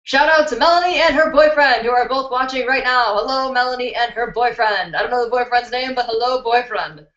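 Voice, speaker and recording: A slightly high, somewhat bright voice comes through briskly, with few pauses, from a young woman streaming beauty content at home. She chats candidly, answers viewer questions and laughs easily. The audio, from a built-in laptop mic, is dull and roomy.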